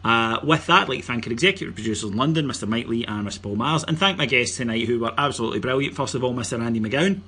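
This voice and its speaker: A Scottish man hosts a casual podcast with a bright, forward voice that carries a husky edge. He jokes, teases his guests and plugs announcements in a loose, bantering way. He sounds middle-aged. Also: medium pitch, animated, rapid-fire, hardly any pauses. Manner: joking, banter-heavy, promotional. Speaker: podcast host.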